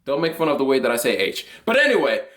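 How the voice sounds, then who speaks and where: A young man casually explaining investing basics in an animated, joking way, sometimes shouting with excitement. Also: medium pitch, quick pace. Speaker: finance YouTuber.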